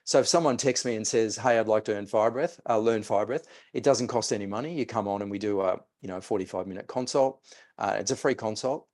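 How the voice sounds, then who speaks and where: A man's voice: on the low side, a little mellow. A man, a mindset coach telling a client story and guiding a breathing exercise. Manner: storytelling, re-enacts conversations.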